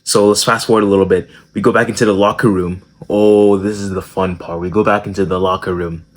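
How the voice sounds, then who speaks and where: A young man with a husky, slightly low voice talks through a social skills lesson as a casual story. He jokes, swears freely and leans on slang. He often stops to correct himself mid-sentence. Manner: slangy, profane, joking, restarts and self-corrections. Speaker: social skills video host.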